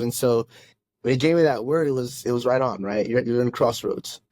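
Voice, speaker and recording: A pastor telling his own faith story in a podcast conversation, earnest and halting, often restarting his sentences. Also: medium pitch, a little mellow, no room sound. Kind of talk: casual testimony in a conversation.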